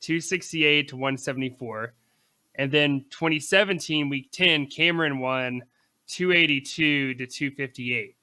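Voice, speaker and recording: Brief: male co-host, slightly high, very bright tense tone, chuckles through stats. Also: unhurried. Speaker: podcast co-host. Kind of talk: casual fantasy football chat.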